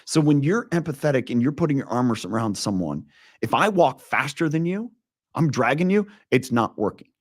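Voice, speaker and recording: A man's voice: on the high side, big pitch swings, normal speed, no echo, studio quality. A man in his forties, a leadership coach, talking earnestly and intensely in a casual interview, telling stories with frequent restarts.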